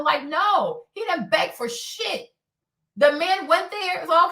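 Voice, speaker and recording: Woman streamer, high bright voice, profane emphatic ranting, roomy sound a bit off-mic. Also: expressive, a little slow, distant mic. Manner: profane, emphatic, keeps asking "right?". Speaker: live-stream commentator. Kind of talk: ranting live-stream commentary.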